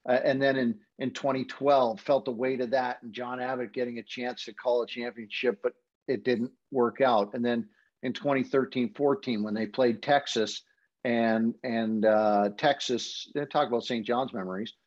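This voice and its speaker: A man's voice: mid-range voice, fairly even intonation. Guy who calls hockey games, telling stories on a podcast, lots of uh and you know, kinda dull lo-fi audio. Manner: rambling, halting anecdotes with many fillers. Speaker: hockey play-by-play broadcaster, podcast guest. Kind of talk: casual storytelling. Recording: dull lo-fi sound.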